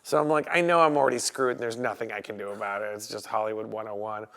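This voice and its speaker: A man's voice: on the low side, quick pace, vocal fry. A man from Chicago, a photographer guest, telling anecdotes in a casual interview and acting out the other people in them. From Chicago, USA. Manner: animated storyteller who acts out other people's lines.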